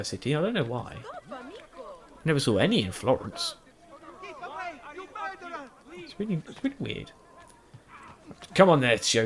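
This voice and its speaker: The speaker is a gaming YouTuber whose voice is medium in pitch and a bit bright. Recorded late at night after playing, his video game commentary is tired and interrupted by yawns. He rambles in a self-deprecating way, often restarting and filling pauses.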